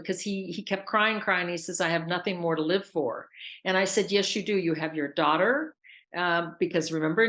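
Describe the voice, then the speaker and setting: Earnest woman with a low voice. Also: fairly bright tone. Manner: earnest, intense, repeats herself for emphasis. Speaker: interview guest, scam victim. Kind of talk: emotional personal account.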